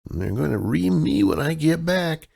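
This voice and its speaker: A man's voice: a little high, very animated, measured pace, creaky, a little mellow, breathy edge, voice pushed up, exaggerated voice. A man voicing a female covert operative who poses as a chirpy clerk with a Midwestern accent, playing a breezy, flirty damsel in distress. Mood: bright, coaxing.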